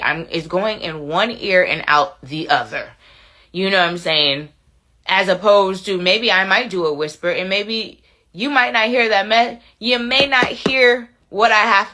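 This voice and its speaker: A woman's voice: fairly low pitch, bright, forceful tone. A woman hosting a casual commentary show, reading viewer comments and repeating phrases to drive her points home. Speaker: commentary channel host.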